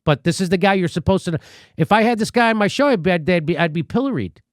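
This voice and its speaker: A man's voice: high voice, lively intonation, quick pace, no room sound, clean studio sound. A man hosting a comic political commentary show, ranting sarcastically and swearing often. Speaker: host.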